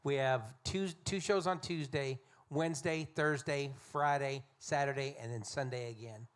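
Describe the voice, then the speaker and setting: A man's voice: mid-range voice, a little hiss or hum. Man plugging upcoming shows. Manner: plugging shows, halting restarts. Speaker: co-host who books the patio acts. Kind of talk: casual stage announcements. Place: live music venue stage.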